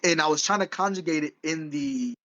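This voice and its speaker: A man's voice: on the high side, brisk, a bit bright, highs cut off. A man co-hosting a podcast in casual chat, rambling and correcting himself as he goes, with frequent laughs. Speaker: podcast co-host.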